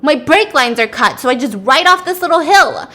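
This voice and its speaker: A woman's voice: fairly high pitch, animated, fairly quick, fairly bright tone. A woman voicing an injured, angry male groundskeeper who defends himself heatedly. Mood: indignant.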